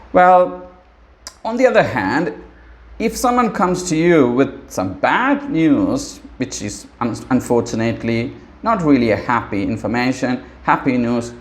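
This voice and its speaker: A man, teaching a spoken lesson. He acts out example phrases and keeps checking in with "right?" and "okay?". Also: mid-range voice. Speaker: English teacher.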